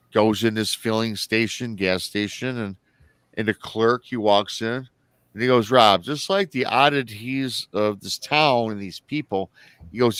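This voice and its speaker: A man's voice: fairly low pitch, fairly bright tone, clear, resonant tone, no room sound. A man from Michigan hosting a livestream, telling a story in a rambling, chatty way that often corrects itself. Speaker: host.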